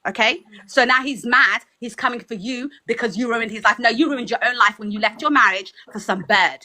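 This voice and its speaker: A woman's voice: on the high side, fairly quick, sharp tone. Fiery accented woman preaching support. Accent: foreign accent. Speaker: guest speaker. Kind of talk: impassioned livestream pep talk.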